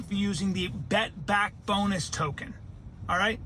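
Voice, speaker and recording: A man hosting a podcast, talking in an animated way and tagging lines with "okay?" and "all right?". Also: sits high, a little slow, a little hiss or hum. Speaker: podcast host. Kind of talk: energetic ad read, then casual interview. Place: parked car.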